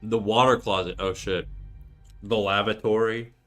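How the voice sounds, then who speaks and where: A man's voice: lowish voice, steady tone, moderate pace, a bit bright, soft background music. A man in his thirties hosting a drawing livestream, chatting casually and profanely as he reads chat aloud. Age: 30s. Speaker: art livestreamer.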